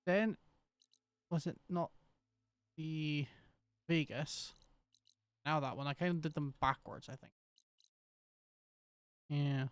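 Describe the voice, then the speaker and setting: A man's voice: a little high, fairly even intonation, takes it slowly, pauses often, clean tone, no echo. A man with a Scottish accent streaming a game, rambling and thinking aloud as he troubleshoots his setup. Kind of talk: casual gameplay commentary.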